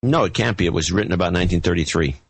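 Deep-voiced man, dry close sound. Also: rapid-fire, gravelly, slightly rough, dry recording. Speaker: podcast co-host. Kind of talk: casual chat.

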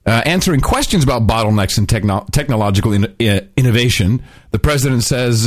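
A man's voice: medium pitch, lively intonation, a little fast, dry recording, studio quality. A man hosting a podcast, riffing in a sarcastic, mocking way and laughing often at the clips he plays. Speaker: podcast host. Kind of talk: casual comedic commentary.

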